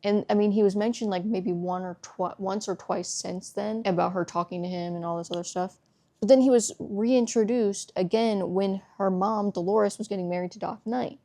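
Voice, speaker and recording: A woman's voice: mid-range voice, fairly even intonation, normal speed, dark tone. A woman book vlogger giving an exasperated, swear-heavy casual review rant at home.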